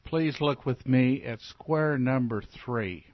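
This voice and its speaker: A man's voice: medium pitch, slow pace, no room sound. A man teaching children letter sounds in a phonics lesson, patient and repetitive, asking them to repeat after him. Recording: dull, lo-fi recording.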